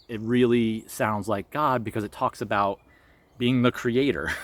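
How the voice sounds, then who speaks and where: A man's voice: mid-range voice, a bit bright. A man vlogging about his spiritual experiences, telling a personal story in an earnest, reflective way with light laughs.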